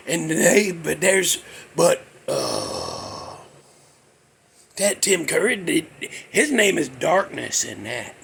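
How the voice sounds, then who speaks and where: Guy rambling about a movie, high gravelly voice, slow talker, raspy, keeps whooping. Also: slight background noise. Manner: rambling, excitable, with sudden whoops. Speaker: host. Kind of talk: casual rambling movie chat.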